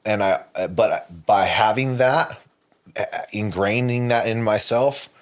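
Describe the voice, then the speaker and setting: Deep-voiced man telling a rambling story. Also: measured pace. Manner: rambling, many fillers and restarts, swears freely. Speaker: podcast co-host. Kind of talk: candid conversational storytelling.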